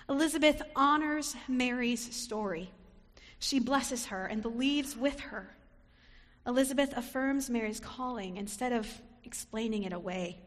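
A woman preacher's reflective sermon echoes with the long reverb of a church sanctuary. Speaking a little slowly at a fairly high pitch, she occasionally performs brief quoted lines.

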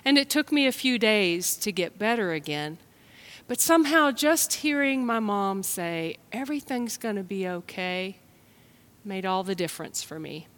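A woman pastor from the United States leads a children's message and sermon for an online service. She tells her story gently and unhurriedly, turning to the children directly, in a voice that sits in a middle register. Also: medium pitch, big pitch swings, moderate pace.

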